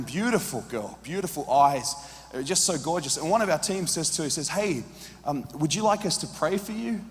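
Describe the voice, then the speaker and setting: A man preaching a sermon as a story, moving between hushed, quiet passages and loud, urgent peaks. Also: fairly high pitch. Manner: drops to hushed quiet in tender moments. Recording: long reverb of a large hall.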